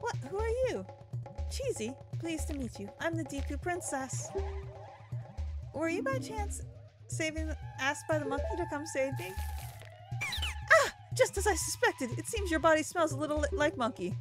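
A woman's voice: high voice, very animated, moderate pace, pitched above the performer's own voice. A woman voicing a prim, fussy young princess with a Southern accent and a haughty, dramatic manner. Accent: American Southern. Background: video game music.

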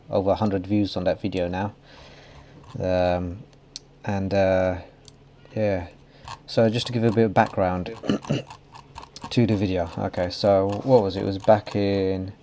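Mellow low-voiced man telling a story. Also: a little hiss or hum. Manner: rambling, loose retelling. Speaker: YouTube gamer. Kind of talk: casual storytelling to camera.

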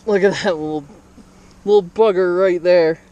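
A man vlogging while fishing a river, talking excitedly to viewers and the fish on an action camera. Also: high voice, normal speed, highs cut off. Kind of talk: excited outdoor fishing commentary. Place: outdoors by a river. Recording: noisy outdoor camera audio. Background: river water and wind.

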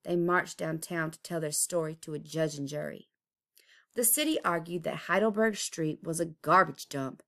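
A woman's voice: deep voice, moderate pace, fairly bright tone. A woman, an art teacher, reading a picture book aloud expressively, chanting its rhyming refrains. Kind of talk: storybook read-aloud.

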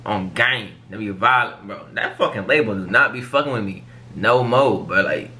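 A young man running a music reaction channel, with a low-pitched voice that still has a bright, forceful edge. He talks in loose, profane slang and keeps breaking in to comment on the track. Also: normal speed.

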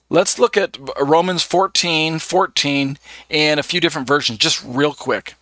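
A man leads a live online Bible study, his voice a little higher than most and recorded close and dry. He works patiently through his notes, pausing on fillers as he reads one item after another. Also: pushed and bright, no room sound. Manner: methodical, reads list aloud with many fillers. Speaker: Bible teacher.

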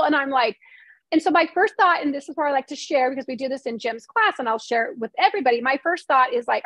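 A woman with a fairly high voice tells stories in a casual interview, animated and quick, often restarting her sentences. The sound is dry and close. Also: no room sound, rough recording. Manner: animated, fast storytelling with many restarts. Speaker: screenwriter and novelist guest.

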